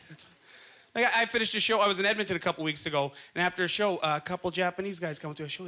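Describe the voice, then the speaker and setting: A man doing stand-up comedy, acting out voices as he tells stories. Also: racing. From Canada. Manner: animated, acts out voices with big pitch jumps. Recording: live club set with audience laughter.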